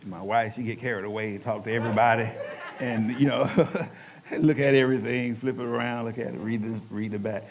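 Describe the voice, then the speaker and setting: A man, a pastor telling his testimony in an animated, colloquial way, acting out the quotes. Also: medium pitch, fairly quick, slight background noise. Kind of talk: personal testimony storytelling. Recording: dull lo-fi recording.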